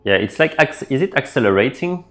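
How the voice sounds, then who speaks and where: A man's voice: medium pitch, a little fast, faint music behind. A man chatting on a live coding stream, reading viewer messages and answering them off the cuff with plenty of fillers. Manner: relaxed, thinks aloud with fillers, reads chat messages out.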